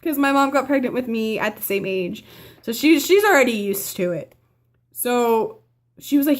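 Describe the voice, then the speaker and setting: A woman's voice: a little high, animated, moderate pace. Chatty teenage girl vlogging. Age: teens. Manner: chatty, rambling with fillers and self-corrections; acts out family members' lines in quotes. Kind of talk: casual storytelling to camera.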